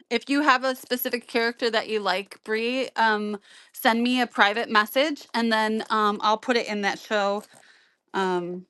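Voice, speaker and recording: Slow-talking woman hosting a sewing stream. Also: fairly high pitch, fairly bright tone, smooth, dry recording. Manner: chatty and rambling, many ums, greets viewers by name. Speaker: sewing livestream host. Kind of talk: casual sewing tutorial on a live stream.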